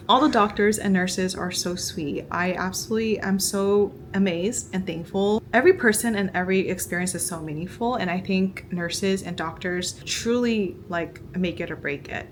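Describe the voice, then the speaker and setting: A woman's voice: lowish voice, a little hiss or hum. A young woman vlogger telling a personal story in a casual, chatty way, peppered with "like" and acting out quotes. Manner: chatty, heavy use of "like" fillers, acts out quotes.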